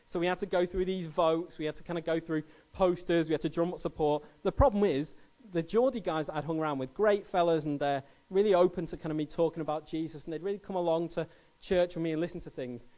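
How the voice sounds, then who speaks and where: Quick-paced male preacher, fairly high voice, storytelling sermon style. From England. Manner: storytelling, animated anecdotes.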